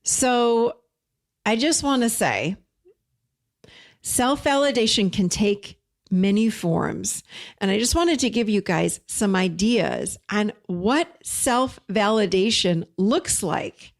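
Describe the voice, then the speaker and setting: A middle-aged woman, a therapist and life coach, giving an encouraging, conversational motivational talk straight to her viewers. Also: medium pitch. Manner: warm encouraging, conversational, addresses viewers as you guys.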